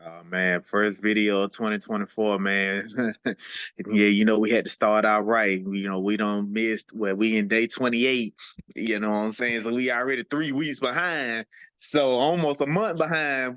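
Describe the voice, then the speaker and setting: A man's voice: medium pitch, fairly even intonation, normal speed, fairly bright tone, clean tone, no room sound. Laid-back man co-hosting a podcast. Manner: laid-back, many "you know what I'm saying" fillers. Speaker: podcast co-host. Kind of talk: casual podcast chat.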